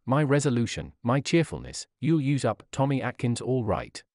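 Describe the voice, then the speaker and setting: A man reading a nonfiction audiobook aloud as narrator, with an expressive, pointed delivery and a sardonic edge. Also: mid-range voice, no echo, clean studio sound.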